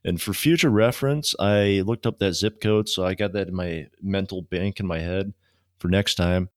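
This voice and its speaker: A man's voice: deep voice, moderate pace, no room sound, clean studio sound. A man hosting a podcast, telling a story in a laid-back, profane, chatty way. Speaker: podcast host. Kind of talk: casual storytelling.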